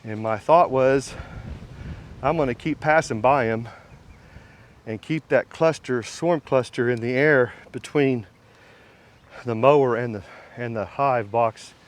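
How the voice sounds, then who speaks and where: A man with a chest cold, out of breath, chatting slowly to himself as he works outdoors at his beehives. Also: medium pitch. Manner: slow, chatty, talks to himself while working. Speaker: beekeeper. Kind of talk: outdoor how-to vlog. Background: buzzing bees.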